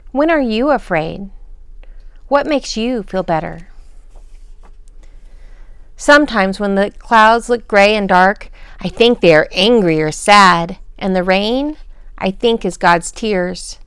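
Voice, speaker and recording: A woman gently reading a children's picture book aloud at bedtime, pausing to ask the listener questions. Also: mid-range voice, expressive, clean tone, dry recording, clean studio sound.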